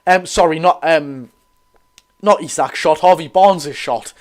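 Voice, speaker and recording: A man's voice: fairly high pitch, a little slow. Geordie man commentating a football watch-along. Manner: chatty, self-correcting, reads out viewer comments. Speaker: live watch-along host. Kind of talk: live football commentary and chat.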